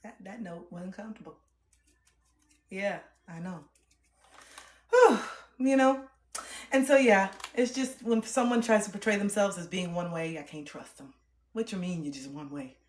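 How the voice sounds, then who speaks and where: A woman's voice: mid-range voice, moderate pace, pauses often. A woman livestreamer ranting in a blunt, profane, confrontational way. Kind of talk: livestream rant. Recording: roomy echo.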